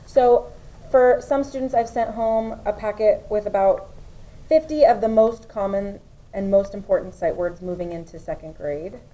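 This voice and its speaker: A young woman teaching first grade, explaining summer practice steps to parents and slowly sounding out words. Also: medium pitch, warm tone, low-quality recording. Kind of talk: instructional walkthrough for parents.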